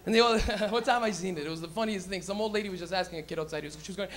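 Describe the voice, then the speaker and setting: Brash male stand-up host with a very high voice, profane, slips into character voices. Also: very fast, hardly any pauses, fairly bright tone. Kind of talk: stand-up comedy routine. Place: live comedy lounge.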